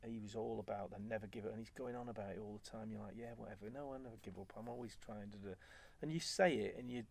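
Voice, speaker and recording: Man, low gravelly voice, animated storyteller, conversational guest. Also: fast. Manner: animated, acts out quoted remarks. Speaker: former footballer guest.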